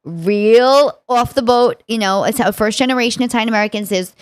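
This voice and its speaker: A woman with a Bronx New York accent, a comedian talking casually and animatedly, slipping into quick impressions as she tells stories. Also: fairly high pitch, smooth. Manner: animated storyteller, slips into impressions. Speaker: guest comedian. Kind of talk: casual chat.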